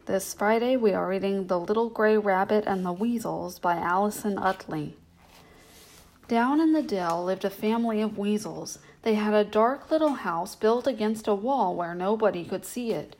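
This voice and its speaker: A woman hosting a bedtime story reading, narrating in a gentle, measured way. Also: mid-range voice.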